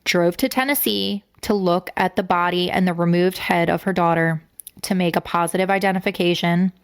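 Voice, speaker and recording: A woman's voice: on the low side, steady tone, moderate pace, smooth. A young adult woman co-hosting a true-crime podcast, talking bluntly and with a lot of swearing as she gets emotional. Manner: blunt and profane, getting emotional. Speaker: podcast co-host.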